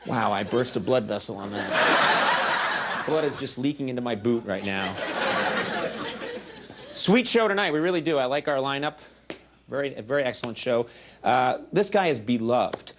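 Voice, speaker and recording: A man in his forties hosting a late-night show, delivering a quick, self-mocking comedy monologue with shouty outbursts on a studio stage. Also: medium pitch, animated, very noisy. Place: television studio stage before live audience. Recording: VHS archive broadcast with loud audience.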